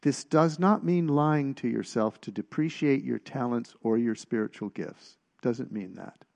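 A man's voice: mid-range voice, unhurried, gravelly, a little mellow. A man giving a conversational sermon, emphatic and asking his listeners questions. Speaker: preacher.

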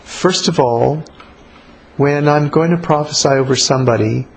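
A man teaching about prayer in a relaxed, conversational way, blunt and colloquial. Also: fairly high pitch, normal speed, vocal fry, poor audio. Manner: blunt, colloquial, acts out little spoken exchanges.

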